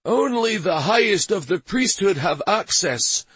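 A man reading as a cornered priest who sputters out his answers in a high, strained voice. His tone stays husky and very dry, and each reply comes out in a panicked rush. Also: lively intonation, a little slow, a bit bright, no echo, exaggerated voice. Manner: sputtering, shrill. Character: desperate cringing male priest captive.

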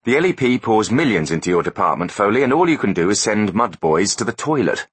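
A man's voice: fairly low pitch, sing-song, slightly rough, dry recording, voice pushed up. A man voicing a tough, no-nonsense female captain in an audiobook. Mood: brisk. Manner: brisk, commanding. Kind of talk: audiobook character voice.

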